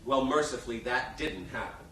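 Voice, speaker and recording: A middle-aged man telling comic stories on a theater stage in an animated, theatrical way, in front of a live audience. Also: mid-range voice, moderate pace. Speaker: solo stage performer. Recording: echoey theater from far off.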